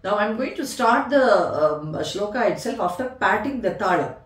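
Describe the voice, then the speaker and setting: A woman's voice: mid-range voice, lively intonation, normal speed, reverberant, far from the mic, faint music behind. A woman teaching veena in a patient tutorial, counting beats and naming the notes one by one. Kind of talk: music tutorial explanation.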